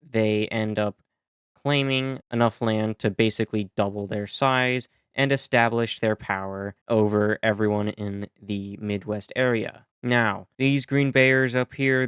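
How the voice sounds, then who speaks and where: A man's voice: lowish voice, fairly even intonation, a little slow, fairly bright tone, smooth, no echo, clean studio sound. A man narrating a map simulation video in a chatty, explanatory way, with casual asides and self-corrections. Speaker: YouTube narrator.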